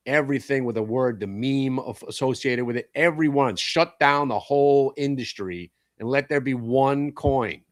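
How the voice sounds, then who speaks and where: A man hosting a live stock trading show, talking bluntly and excitably as he trades, swearing at the market. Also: medium pitch, no echo, studio quality.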